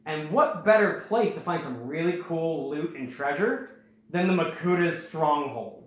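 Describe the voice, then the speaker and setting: A man hosting a casual storytelling recap, rambling and animated, acting out the quotes. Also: a little high, a little slow. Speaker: host. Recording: very echoey room.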